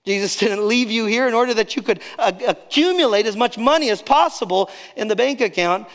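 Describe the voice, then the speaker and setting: A male pastor preaching a sermon, rising on key phrases and dropping soft and slow to drive points home. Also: sits high, lively intonation, big-room sound.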